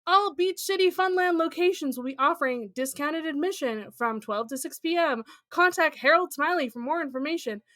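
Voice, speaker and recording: A woman's voice: sits high, normal speed, hardly any pauses, fairly bright tone, no echo. A woman co-hosting a casual podcast, playful and laughing often, reading listener posts aloud. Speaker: podcast co-host.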